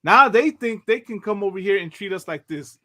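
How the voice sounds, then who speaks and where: Male talk-show host, casual preacher vibe, chatty with fillers, slightly high voice, dry close sound. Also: animated, a little fast, sharp tone, dry recording. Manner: loose, chatty, laughs often, fillers like "you know what I mean".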